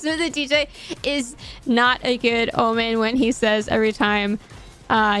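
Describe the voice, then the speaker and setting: A woman's voice: on the high side, fairly even intonation, unhurried, a bit bright, smooth, soft background music. A woman streaming a game, chatting casually with her chat in a rambling, self-deprecating way.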